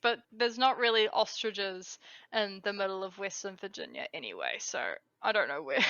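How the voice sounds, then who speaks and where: Bright chatty woman with a kiwi accent. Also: mid-range voice, sing-song, normal speed, creaky, no echo, muffled recording. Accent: New Zealand. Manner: chatty, lots of fillers and laughs. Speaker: podcast co-host. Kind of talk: casual chat.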